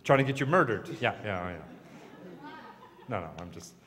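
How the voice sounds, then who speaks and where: A man's voice: fairly low pitch, lively intonation, moderate pace. A man hosting a comedy hypnosis show on stage, teasing his volunteers with playful banter. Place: stage in a large hall. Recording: large hall with loud crowd.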